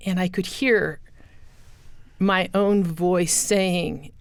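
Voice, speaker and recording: A middle-aged woman speaks as a guest, telling her life story with earnest storytelling. Her voice sits low. The recording is dry and close, with no room around it. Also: fairly even intonation, very slow, long pauses, clean tone, no echo. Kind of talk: personal testimony in a radio interview.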